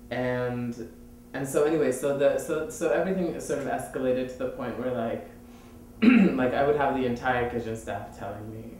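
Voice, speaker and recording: A man recounting a hard personal experience in a hesitant, halting way. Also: medium pitch, a little mellow. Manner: hesitant, halting, many fillers. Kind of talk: personal testimony. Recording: very echoey room, mic far off, faint noise.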